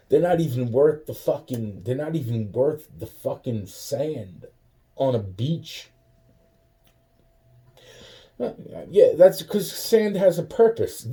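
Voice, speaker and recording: A man's voice: mid-range voice, warm tone. A drunk, tired man rambling profanely into a camera in his kitchen, full of restarts and fillers. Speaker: vlogger. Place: home kitchen, indoors.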